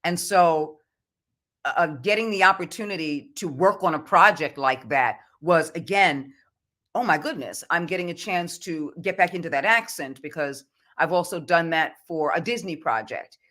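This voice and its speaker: Woman voice actor guest on a podcast; bright and forceful, earnest and reflective. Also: on the low side, moderate pace. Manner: earnest, reflective, speaks of faith. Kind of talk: podcast interview.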